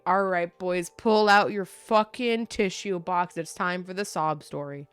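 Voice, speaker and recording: A woman's voice: medium pitch, animated, a little slow, fairly bright tone, clean tone, faint music behind. A woman streamer giving casual, crude, joking commentary while she plays a game.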